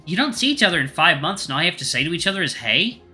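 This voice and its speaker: A man voicing a cheerful, excitable middle-aged mother in a visual novel read-aloud, talking in a gushing, sing-songy way. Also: a little high, racing, faint music behind, pitched above the performer's own voice, full character voice. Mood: scolding.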